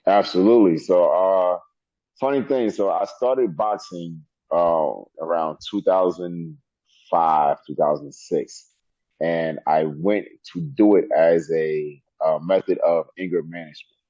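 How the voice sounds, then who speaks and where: A middle-aged man, a wrestler guest in an interview, telling animated stories and laughing often. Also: low voice, a little slow, no echo. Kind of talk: storytelling interview. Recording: dull lo-fi sound.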